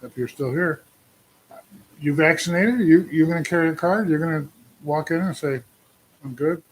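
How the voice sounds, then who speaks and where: Venting on his casual livestream, a trucker in his sixties rambles along and asks his viewers questions. He has a fairly high-pitched voice and speaks at a moderate pace.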